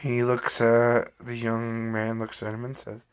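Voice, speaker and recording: Slow, halting man telling a story. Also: medium pitch, monotone, smooth. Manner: halting, self-correcting. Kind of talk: improvised story narration.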